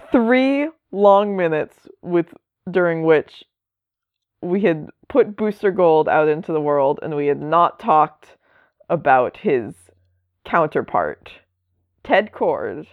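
A woman's voice: low voice, animated, slow, pauses often, dry recording. A woman co-hosting a podcast, explaining things in a chatty way with many asides. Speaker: podcast co-host. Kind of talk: casual chat. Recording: dull lo-fi sound.

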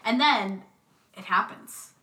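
Bright young woman, slightly off-mic. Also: medium pitch, slow, reverberant, distant mic. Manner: chatty, lots of "like", wry complaints. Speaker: podcast co-host. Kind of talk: casual movie recap chat.

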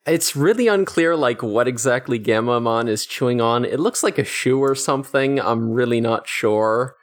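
A man's voice: mid-range voice, moderate pace. Laid-back man recapping with friends. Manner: laid-back, retells scenes by quoting characters. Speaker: podcast co-host. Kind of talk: casual chat recapping an episode.

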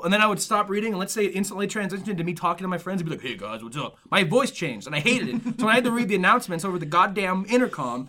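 A young man in his twenties hosts a podcast and tells long, rambling stories full of filler words. His voice sits a little high for a man, and he keeps things lively by slipping into comic voices. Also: racing, hardly any pauses. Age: 20s. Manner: animated, slips into comic voices. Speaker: podcast host. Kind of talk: casual podcast chat.

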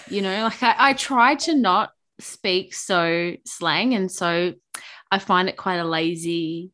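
A woman guest with an Australian accent, talking in an animated, chatty way with many restarts. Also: lowish voice, slow. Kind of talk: podcast interview.

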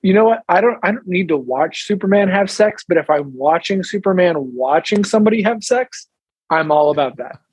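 A man's voice: sits high, animated, a little fast, breathy edge, no room sound. A man co-hosting a podcast over a video call, joking and laughing often as he chats. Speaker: podcast co-host. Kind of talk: casual chat.

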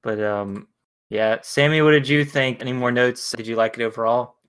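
A man's voice: medium pitch, fairly even intonation, normal speed, a bit bright, smooth. A man hosting a casual podcast chat about a cartoon, asking the others questions and joking. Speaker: podcast host.

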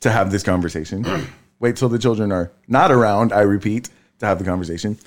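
A man in his thirties telling a family story in casual chat, tired, swearing freely and leaping up in pitch when he quotes people. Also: brisk. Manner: animated storyteller, swears freely, jumps high when quoting. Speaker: podcast co-host.

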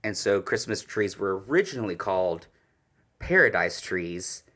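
A man's voice: deep voice, sing-song, normal speed, bright, forceful tone. A man co-hosting a podcast, chatting casually about history with opinionated, swearing asides. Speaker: podcast co-host.

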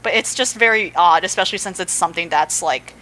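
A woman co-hosting a casual anime podcast, reacting quickly with laughs and exclamations. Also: lowish voice, bright, forceful tone. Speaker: podcast co-host.

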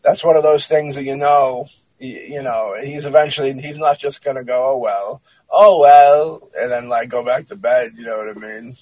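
A man's voice: medium pitch, fairly even intonation, brisk, darkish tone, dry recording, rough recording. A man co-hosting a podcast, reading a spooky story and then joking about it bluntly, with frequent swearing. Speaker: podcast co-host. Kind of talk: casual chat, reading a story aloud.

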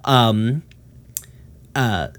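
A man's voice: medium pitch, very slow. Guy rambling through a cartoon recap, lots of ums, swears a bit, mid voice. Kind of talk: casual episode recap.

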